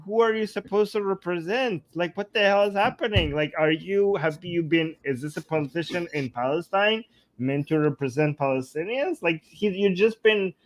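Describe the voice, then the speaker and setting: A man's voice: sits high, moderate pace. A man co-hosting a casual talk show, mocking and giggly, rambling with many fillers. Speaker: co-host. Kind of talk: casual chat.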